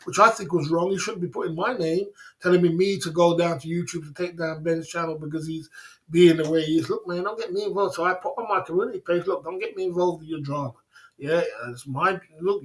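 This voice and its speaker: A man hosting his own livestream, talking casually and rambling, with many fillers, restarts and repeated phrases. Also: fairly high pitch. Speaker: livestream host. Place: Thailand.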